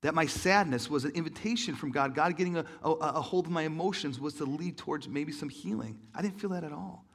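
Earnest man preaching, slightly high voice. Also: fairly quick, creaky, few pauses, fairly bright tone, breathy edge. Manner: earnest, emotional, with many restarts and fillers. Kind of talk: sermon storytelling.

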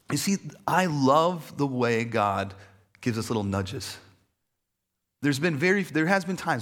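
A man's voice: medium pitch, a bit bright. Casual, joking male pastor. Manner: conversational, self-deprecating humor, many fillers. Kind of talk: sermon.

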